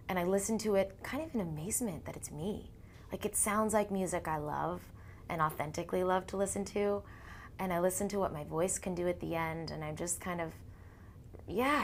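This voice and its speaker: A woman in her thirties, a singer-songwriter telling stories in a casual interview, animated, acting out quotes and laughing often. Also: on the low side, creaky, a little hiss or hum.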